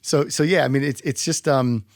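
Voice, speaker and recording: A man's voice: medium pitch, steady tone, normal speed, dry recording, studio quality. A man hosting a business podcast, chatting casually and agreeably, often chiming in with short affirmations and restarting his sentences. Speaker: podcast host, company CEO. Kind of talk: casual interview chat. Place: podcast studio.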